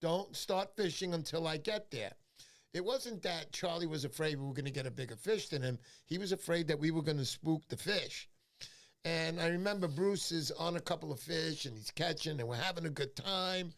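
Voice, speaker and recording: A man hosts a casual livestream, telling stories in loose rambling bursts full of fillers. His voice sits fairly high for a man. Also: brisk, a bit bright. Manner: rambling storyteller with many fillers. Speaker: livestream host. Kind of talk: casual live-stream chat.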